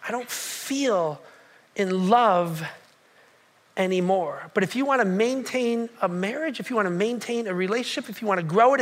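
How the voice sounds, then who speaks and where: A male pastor preaches a sermon to his congregation in a church. He talks in an animated way, repeats his key lines and slips in joking asides. His voice is high and bright.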